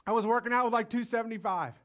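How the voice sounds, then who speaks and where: A middle-aged man preaching a live sermon at a church service, energetic and exhorting, swinging between loud outbursts and low, quiet passages. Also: racing. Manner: energetic, exhorting, calls out "come on". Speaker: pastor.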